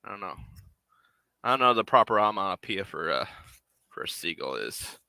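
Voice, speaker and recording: A man's voice: sits low, very animated, brisk, gravelly, pushed and bright, no room sound. A man making a puppet on a live stream, rambling casually and half to himself as he works. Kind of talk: casual live-stream chat while working.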